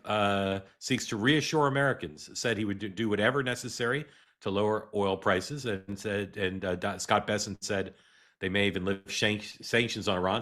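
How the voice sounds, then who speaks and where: A middle-aged man hosting a live political news show, talking in a halting way with many "uh"s and restarts. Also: fairly low pitch, fairly bright tone. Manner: halting, filler-heavy delivery with frequent "uh" and restarts. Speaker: host.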